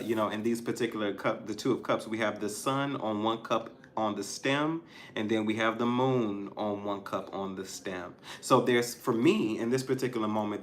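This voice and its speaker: A man giving a casual tarot reading to his viewers, thinking aloud, restarting his sentences and talking straight to them. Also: on the low side. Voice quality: musing, stops and restarts, soft laughs. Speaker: tarot reader.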